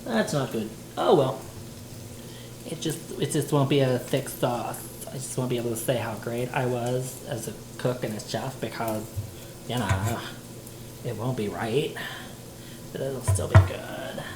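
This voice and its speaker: A playful, chatty man talks to his stream viewers while he cooks at home. His voice bounces around a roomy kitchen, and a sizzling pan is clearly heard behind him. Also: mid-range voice, measured pace, noisy background. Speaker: livestreamer cooking dinner. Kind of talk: casual livestream chat while cooking.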